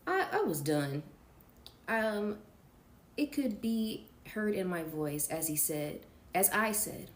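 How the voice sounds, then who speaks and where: Female storyteller, low-ish voice, casual memoir reading, talks to listeners in asides. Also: measured pace, slight background noise. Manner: reads with chatty off-script asides to listeners.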